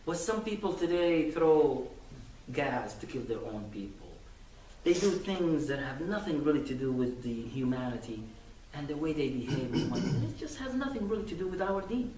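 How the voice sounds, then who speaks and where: A man's voice: fairly high pitch, moderate pace, slight background noise. Man preaching in an echoey mosque. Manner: animated storytelling with acted quotes. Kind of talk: Friday sermon. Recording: echoey mosque hall from far off.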